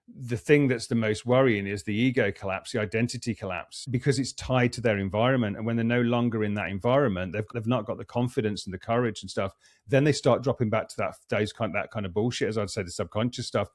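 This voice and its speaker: A middle-aged coach and performance psychologist reflects earnestly as a podcast guest, explaining things conversationally while often restarting sentences and repeating words as he thinks. He talks fast with few pauses in a fairly low voice, on a dry, clean studio recording.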